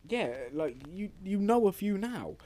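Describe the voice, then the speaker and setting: A man's voice: high voice, very animated, unhurried, warm tone. A man co-hosting a casual podcast chat, rambling and restarting his sentences, swearing casually. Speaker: podcast co-host.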